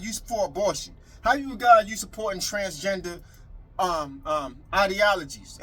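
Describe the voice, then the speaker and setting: A man's voice: high-pitched, sharp tone, poor audio. A man delivering a heated political rant to the camera, repeating himself and calling out his critics directly. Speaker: video commentator.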